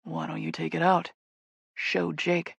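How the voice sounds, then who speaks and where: A woman reading an audiobook, voicing a blunt, deadpan young man in a lowered, gravelly voice. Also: unhurried, dry recording, heavily acted. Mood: dry, teasing. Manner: deadpan, low-key.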